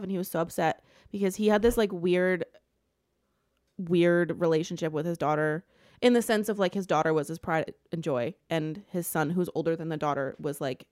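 A woman's voice: on the low side, no room sound, studio quality. Ranting, swearing woman retelling a book. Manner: animated ranting storyteller, swears freely. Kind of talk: casual book chat.

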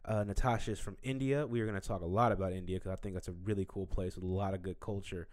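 A man's voice: low-pitched, fairly even intonation, fast talker, a little mellow. A man hosting a casual interview, playful and teasing, often laughing. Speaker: podcast host.

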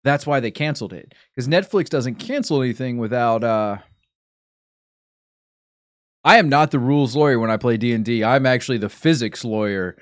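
A man's voice: mid-range voice, animated, normal speed, no echo, clean studio sound. A man streaming a casual chat, rambling and often sidetracked, interrupting himself as he talks.

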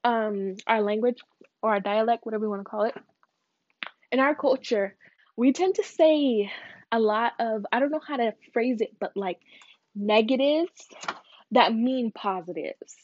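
A woman's voice: on the high side, a little slow, darkish tone, highs cut off. A woman from the United States chatting casually at home while she cooks. She wanders from thought to thought and stops to coax her dog. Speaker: cooking vlogger. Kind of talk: casual chat while cooking. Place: at home, moving between kitchen and outdoors.

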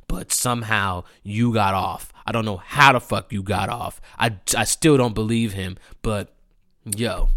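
A man telling a rambling, profane story in a casual monologue, acting out his friends' lines. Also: medium pitch. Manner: animated, profane, mimics friends in quotes.

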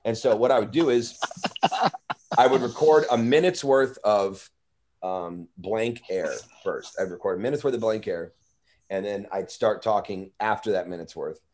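A man hosting a podcast, telling a story in an animated, rambling way and swearing freely. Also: lowish voice, a little slow. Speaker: podcast host. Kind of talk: casual storytelling.

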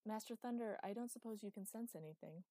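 A woman's voice: mid-range voice, quick pace, warm tone, no echo, pitched above the performer's own voice, close to an everyday voice. A woman reading a story, voicing a fierce female hellhound companion who speaks steadily and soothingly. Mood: calm.

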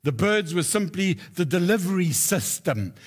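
A man's voice: high voice, sing-song, normal speed, breathy edge. A man preaching a sermon, telling stories with emphatic rises. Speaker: pastor.

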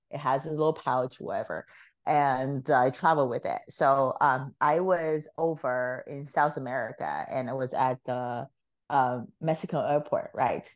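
Deep-voiced woman guest, casual and animated, salty language, muffled sound. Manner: animated, swears freely, laughs often. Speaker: podcast guest. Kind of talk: casual storytelling.

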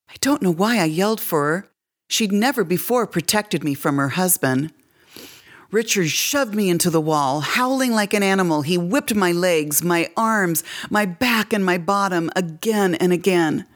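A woman reads her own short story aloud at a slow, deliberate pace, letting each line land. Her voice sits low and steady, and her delivery is expressive and measured. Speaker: guest author reading her story. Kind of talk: audiobook-style story reading.

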